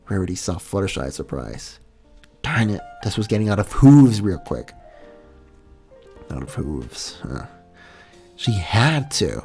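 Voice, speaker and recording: A man's voice: deep voice, very animated, moderate pace, creaky, a little mellow, breathy edge, faint music behind. A man streaming a reading of fan fiction, casual, laughing at his own mix-ups and swearing now and then.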